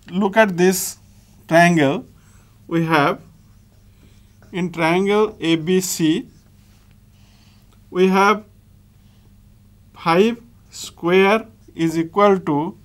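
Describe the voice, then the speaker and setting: A man with an Indian English accent, teaching a maths lesson step by step while writing on a board. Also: sits high.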